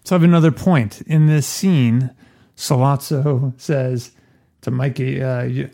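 A man's voice: medium pitch, fairly even intonation, a little slow, warm tone. A man co-hosting a podcast, chatting casually about a film, laughing often. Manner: laughs often, quotes lines in gruff put-on voices. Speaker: podcast co-host.

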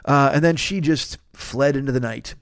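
A man's voice: mid-range voice, normal speed, smooth, no room sound, studio quality. A man hosting a podcast, telling a long personal story in a casual, profane and exasperated way into a microphone. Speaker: podcast host.

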